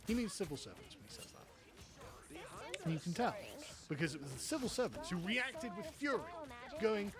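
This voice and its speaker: A man's voice: high-pitched, huge pitch swings, moderate pace, long pauses. A man with an English accent, giving a profane, sarcastic political rant on a live stream. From England. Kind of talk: ranting political commentary.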